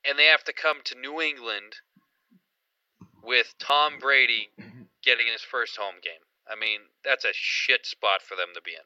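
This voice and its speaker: Bright-voiced excitable sports podcast guy. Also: medium pitch, a little slow, smooth, no room sound, dull audio. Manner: excited, rambling, with many fillers. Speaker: podcast co-host. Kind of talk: casual sports chat.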